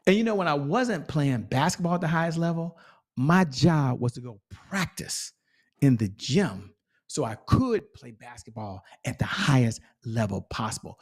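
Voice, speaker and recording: A man speaking as a guest sales coach, giving an enthusiastic motivational talk full of emphatic repetition. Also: on the high side.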